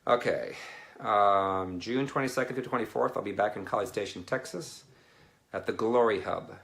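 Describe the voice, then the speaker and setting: Gravelly-voiced man chatting on a livestream. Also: lowish voice, moderate pace, fairly bright tone. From Canada. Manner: chatty, reads out viewer comments, rambling with fillers. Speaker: deliverance minister and livestream host. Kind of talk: casual livestream chat.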